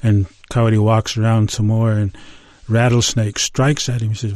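A middle-aged man telling a traditional creation story in an unhurried, conversational way, with fillers and restarts. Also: fairly low pitch, little pitch movement, a little mellow, faint music behind. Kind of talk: oral storytelling of a traditional tale.

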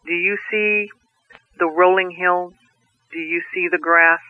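A man voicing a booming, commanding Creator spirit. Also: steady tone. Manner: slow, solemn, commanding. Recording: tinny phone-like line.

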